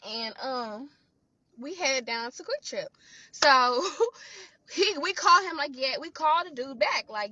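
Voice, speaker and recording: A woman telling a profane, animated storytime, acting out the quotes. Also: high-pitched, slow pace, muffled recording. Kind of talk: casual storytime vlog.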